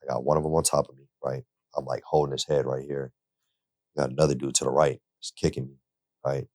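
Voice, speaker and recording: A man's voice: a bass voice, little pitch movement, fairly quick, darkish tone, no room sound, studio quality. A young man telling his own story in a loose, conversational way, with lots of "like" and "right?". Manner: laid-back and conversational, full of "like" and "right?". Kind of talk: casual storytelling. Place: interview studio.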